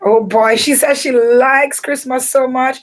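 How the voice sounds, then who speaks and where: A woman hosting a radio show for children, talking in a playful, animated way. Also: high-pitched, measured pace. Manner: animated, playful, laughing and teasing. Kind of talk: lively children's radio chat.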